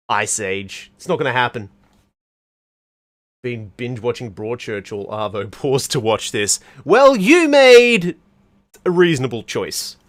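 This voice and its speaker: A man's voice: mid-range voice, bright, forceful tone. A man hosting a let's play, giving casual, wry commentary on a game and reading on-screen text aloud.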